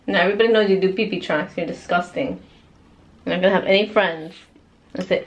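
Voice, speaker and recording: A woman's voice: lowish voice, steady tone, quick pace, pauses often. A woman vlogging casually with her family, playful and teasing, slipping Spanish words into her English. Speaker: mom vlogger. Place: messy family home.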